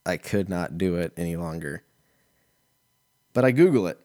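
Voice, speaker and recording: A man's voice: low-pitched, animated, moderate pace, mellow, no room sound, clean studio sound. A man in his thirties hosting a podcast, telling rambling, profane, self-mocking comic stories in a casual way. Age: 30s. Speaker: podcast host. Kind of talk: casual comedic storytelling.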